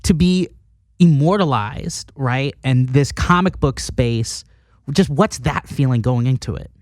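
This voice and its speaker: A male interviewer keeps the chat loose and playful, slipping jokes in between his questions. His voice sits at an ordinary middle pitch. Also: measured pace, a little mellow, dry recording, clean studio sound.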